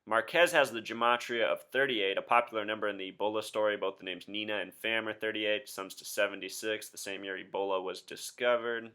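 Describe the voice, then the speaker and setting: A man's voice: lowish voice, fairly even intonation, brisk, hardly any pauses, pushed and bright, clean tone. A man in his thirties hosting a solo commentary video, talking insistently to his viewers with rhetorical questions. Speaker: video host.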